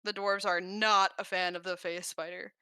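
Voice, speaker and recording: A woman's voice: lowish voice, flat delivery, normal speed, sharp tone, slight background noise. A woman narrating as game master of a tabletop game, casual with many fillers.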